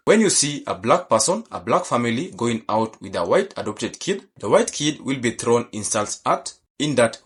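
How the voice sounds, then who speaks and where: Husky, lively-voiced male channel host. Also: medium pitch. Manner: formal, repeatedly polite and pleading. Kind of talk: scripted commentary to camera.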